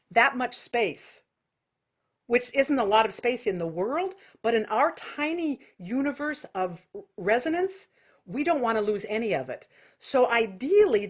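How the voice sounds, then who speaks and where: An American woman teaching an online singing lesson, explaining technique and breaking into loud nasal vocal exercises. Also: on the high side. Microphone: video call.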